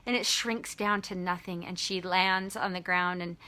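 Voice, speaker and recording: Bright-voiced woman host retelling a kids' story, animated and chatty. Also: on the low side, moderate pace. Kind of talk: storytelling video talk.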